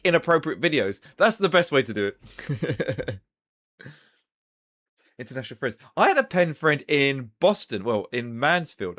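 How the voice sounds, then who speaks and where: A man's voice: on the high side, fairly bright tone. A young man hosting a casual live stream, chatting loosely with viewers and swearing now and then. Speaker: livestream host.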